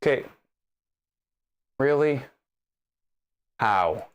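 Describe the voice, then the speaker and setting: A man's voice: mid-range voice, expressive, extremely slow, clear, resonant tone, lo-fi sound. A man hosting a casual live stream while troubleshooting his 3D printer, talking straight to the machine in a sarcastic, exasperated way. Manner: talks to the machine directly.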